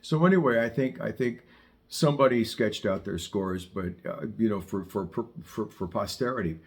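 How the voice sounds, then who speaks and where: Chatty low-voiced male sax teacher. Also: normal speed, vocal fry. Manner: chatty, digressive, wry asides. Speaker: saxophone teacher. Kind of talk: casual spoken lesson. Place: studio in Southern California.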